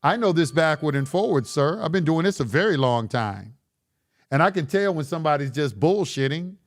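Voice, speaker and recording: A man's voice: on the high side, lively intonation, moderate pace. Blunt, slangy man lecturing a live chat. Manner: blunt, lecturing, repeats himself; casual slangy speech. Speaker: live stream host. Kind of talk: casual live stream talk answering chat.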